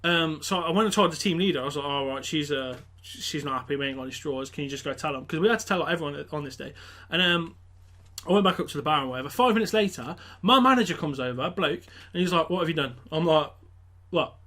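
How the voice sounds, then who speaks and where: Bright-voiced young lad telling a story. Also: male voice, on the high side, fast. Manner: animated, acts out quotes, swears, laughs. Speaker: podcast co-host. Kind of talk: casual storytelling chat.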